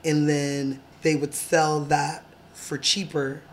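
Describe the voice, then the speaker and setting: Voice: medium pitch, little pitch movement, takes it slowly, a little hiss or hum. A podcast co-host chatting casually, laughing often while telling a story with swearing. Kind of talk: casual chat.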